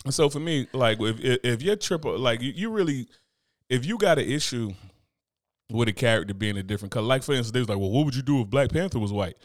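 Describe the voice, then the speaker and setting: A man's voice: mid-range voice, expressive, brisk, long pauses, no echo. Profane, argumentative man, dry sound. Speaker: podcast co-host. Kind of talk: casual chat.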